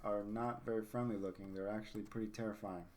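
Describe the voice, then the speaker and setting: Rambling, excitable man on a podcast. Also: lowish voice, fast talker, slight background noise. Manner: rambling, enthusiastic, repeats himself. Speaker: podcast host. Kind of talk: casual chat.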